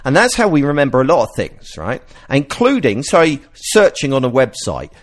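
A man hosting a podcast, explaining ideas in a casual, animated way and often restarting his sentences. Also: medium pitch, moderate pace. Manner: animated, explanatory, self-interrupting. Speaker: podcast host.

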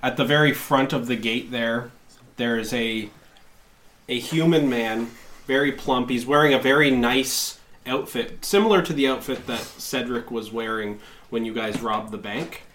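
A man narrating as game master of a tabletop game, casual and halting. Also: mid-range voice, fairly bright tone, a little hiss or hum. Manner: casual, halting, laughing often.

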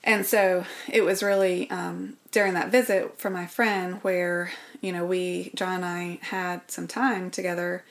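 A woman's voice: on the low side, flat delivery, a little slow, few pauses. A woman, speaking as an interview guest and telling a personal story in an earnest, reflective way. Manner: earnest, reflective, drops to a whisper at painful moments.

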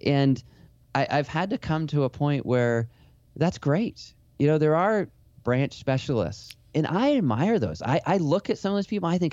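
Earnest, rambling man with a dark voice. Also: a little high, very animated, moderate pace, no echo, lo-fi sound. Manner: rambling, earnest, many restarts. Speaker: portrait photographer and author. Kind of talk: reflective interview answer.

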